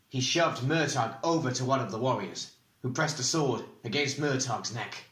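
A man narrating a fantasy audiobook chapter in a measured, even reading. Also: mid-range voice, roomy sound.

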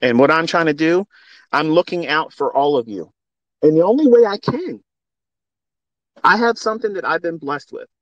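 A man's voice: on the high side, expressive, normal speed, pauses often, a bit bright, dry recording, lo-fi sound. A middle-aged man talking into a phone as a trading mentor, in a passionate, preachy monologue with blunt swearing. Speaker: trading mentor hosting a live audio space. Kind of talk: unscripted heartfelt monologue.

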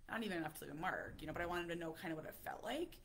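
A woman in her thirties, a parent vlogger telling a story in casual, animated chat, full of fillers and acted-out quotes. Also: on the low side, very fast, a little hiss or hum. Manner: animated, chatty, many fillers, acts out quotes.

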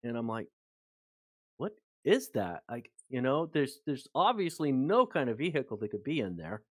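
A man's voice: mid-range voice, moderate pace, no room sound. Man telling a story, close dry mic. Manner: rambling, animated anecdote with many fillers. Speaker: guest author and researcher. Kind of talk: casual storytelling in an interview.

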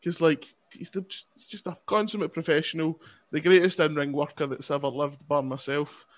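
A man's voice: fairly high pitch, steady tone, fairly quick. A Scottish man with a slightly raised voice rambles through casual podcast talk, full of jokes at his own expense. His audio comes through dull and lo-fi, like a remote call. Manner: joking, self-mocking, rambling. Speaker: wrestler and podcast guest.

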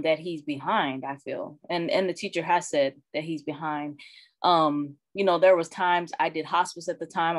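A woman who is a parent and social worker, talking candidly and colloquially in casual chat, animated when she retells what others said. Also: sits low, dry recording. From Arizona. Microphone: video call.

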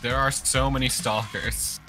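A man's voice: medium pitch, fairly even intonation, a little slow, music in the background. A man playing a video game with friends, talking in a dry, sarcastic way. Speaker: game player. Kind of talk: casual gaming chat.

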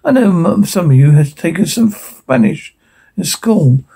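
A man reading the lines of a busy, bossy mother from a film script, in a raised, gravelly voice. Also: high voice, lively intonation, a little slow, dark tone, exaggerated voice. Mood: brisk.

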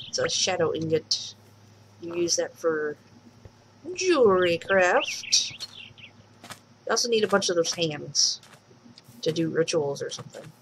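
A woman's voice: lowish voice, very animated, measured pace, long pauses, noisy background. A woman casually commenting on her own game as she plays, chatting to the animals she meets and squealing when startled. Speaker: let's play host and mod maker.

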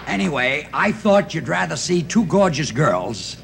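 A man in his sixties hosting a variety show, with a halting, stammering comic delivery and dry timing. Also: fairly high pitch, very animated, gravelly, a loud crowd. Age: 60s. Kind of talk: comedy sketch and stage introductions. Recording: loud hiss, old TV broadcast audio.

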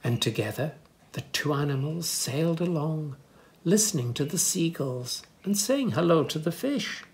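A man reading a children's picture book aloud, gently pointing things out to young listeners in soft asides and lifting his voice for the animals' lines. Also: a little high, expressive, moderate pace, slight background noise. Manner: lifts voice for animal speech without distinct characters. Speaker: children's story reader.

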